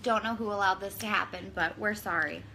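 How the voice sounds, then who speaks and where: A woman's voice: mid-range voice, brisk, sharp tone, a little hiss or hum. A woman co-hosting a casual live stream, chatting freely, reading out viewer comments and joking apologies. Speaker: direct sales consultant.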